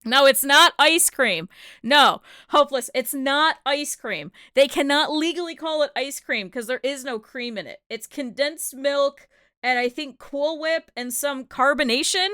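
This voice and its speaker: A high-pitched young woman chats through a reaction stream in a bright voice. She rambles from story to story and keeps dissolving into giggles. The sound is close and dry. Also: measured pace, no room sound. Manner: giggly and rambling, often breaks into laughter. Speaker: VTuber streamer. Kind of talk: casual reaction stream chat.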